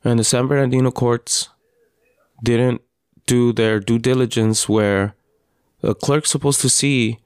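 A father hosting a podcast, telling his story in an earnest, halting personal monologue with frequent restarts. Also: mid-range voice, steady tone, smooth, dry recording, clean studio sound. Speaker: podcast host.

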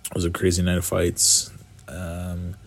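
A man's voice: deep voice, monotone, unhurried, creaky, dry recording. A young Canadian man giving a casual, rambling commentary full of fillers and enthusiasm.

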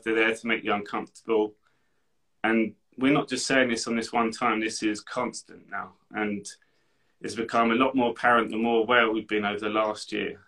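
A man's voice: medium pitch, pushed and bright. A man co-hosting a podcast, talking earnestly in a casual way, full of fillers. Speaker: podcast co-host.

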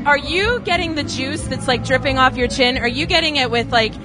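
A woman's voice: high voice, a little fast, background noise. A woman podcast co-host who asks playful, teasing questions outdoors at a festival. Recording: outdoor festival with crowd and music.

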